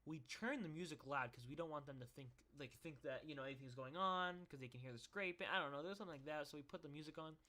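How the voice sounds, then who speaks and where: A young man telling a rambling personal story in a casual, animated way, with many fillers and frequent laughs. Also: a little high, fast talker, hardly any pauses. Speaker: vlogger.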